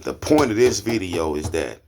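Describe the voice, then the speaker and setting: Casting: Oklahoma man, low husky voice, heated profane vlog rant. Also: big pitch swings, normal speed, a little mellow. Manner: profane, heated, rising to high indignant peaks. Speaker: vlogger. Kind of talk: angry rant to camera.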